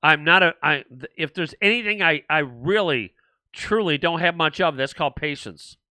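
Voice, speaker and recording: A man's voice: on the high side, animated, normal speed, sharp tone, no room sound. An older man hosting a political livestream, rambling and indignant, with frequent restarts as he answers viewer comments. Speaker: livestream host.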